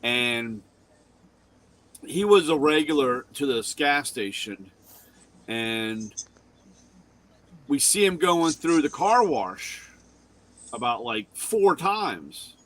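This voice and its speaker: A man's voice: mid-range voice, animated, slow, long pauses, fairly bright tone. A man who runs a car shop, co-hosting a casual show and telling a rambling story that he often corrects as he goes. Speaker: show co-host; shop owner.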